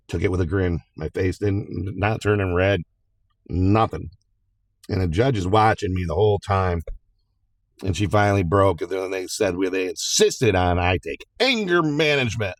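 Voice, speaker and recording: Plain-spoken man with a low voice, casual storytelling, dry close sound. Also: no room sound.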